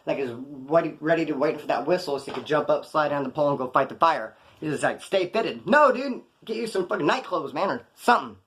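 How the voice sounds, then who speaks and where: A man telling prison stories in a rapid, slangy monologue, acting out the voices of the people in them. He is from Kern County, California. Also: fairly high pitch, expressive, fairly bright tone, breathy edge. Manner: rapid, slangy, quotes others in put-on voices. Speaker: prison storyteller vlogger. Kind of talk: fast casual storytelling monologue.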